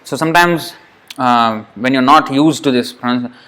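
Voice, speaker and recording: A man's voice: medium pitch, moderate pace, sharp tone. A man teaching Sanskrit pronunciation in a recorded lesson, demonstrating each syllable aloud and repeating it patiently.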